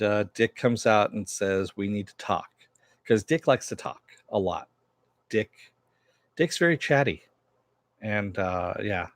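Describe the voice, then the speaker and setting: A man's voice: lowish voice, no echo. Rambling man recapping a TV episode. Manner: loose and rambling, many fillers, mild swearing. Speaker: TV episode reviewer. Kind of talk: casual recap with paraphrased quotes.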